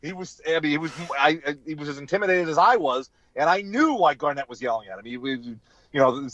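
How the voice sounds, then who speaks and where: Animated man telling a locker-room story. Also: a little high, fairly quick, no echo. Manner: lively anecdote teller who acts out quotes. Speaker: former basketball sideline reporter. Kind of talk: interview storytelling. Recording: dull, dry podcast audio.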